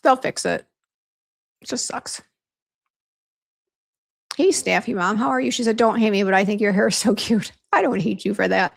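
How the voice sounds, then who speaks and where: A woman's voice: medium pitch, quick pace, creaky, hardly any pauses. A woman hosting a casual beauty livestream, chatting and venting while reading viewer comments aloud. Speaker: beauty brand host on livestream.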